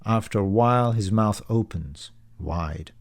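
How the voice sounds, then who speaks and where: Low-voiced guy reading his own novel, first person, measured and descriptive. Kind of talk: first-person audiobook narration.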